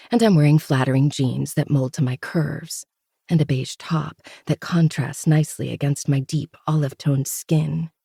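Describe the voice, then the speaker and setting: Brief: host narrating a novel, mellow dark tone, steady intimate delivery. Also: mid-range voice, creaky, breathy edge, no echo, clean studio sound. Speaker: podcast host reading a novel. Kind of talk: first-person audiobook narration.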